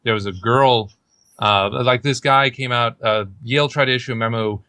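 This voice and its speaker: A man's voice: fairly low pitch, steady tone, moderate pace, pushed and bright, no room sound. A young man hosting a casual podcast chat, rambling and outspoken, often acting out what others said. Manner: rambling, outspoken, quotes others in put-on voices. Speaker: podcast host.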